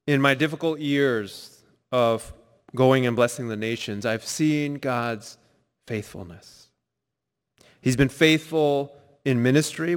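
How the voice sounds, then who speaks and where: A man preaching a sermon, telling a personal story, sometimes quiet and reflective, sometimes emphatic. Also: medium pitch, clear, resonant tone, long reverb tail. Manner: storytelling, shifts between soft reflective and emphatic. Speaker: pastor. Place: church sanctuary.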